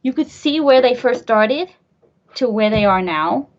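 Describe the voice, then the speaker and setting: A woman's voice: fairly high pitch, lively intonation, measured pace, highs cut off, slight background noise. A woman hosting a podcast in casual chat, gushing and rambling, swearing casually. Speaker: podcast host.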